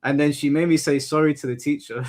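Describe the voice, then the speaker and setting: A man's voice: a little high, fairly quick. A young British man hosting a casual chat, telling stories and acting out quotes. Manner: lively storyteller, acts out quotes. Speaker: host.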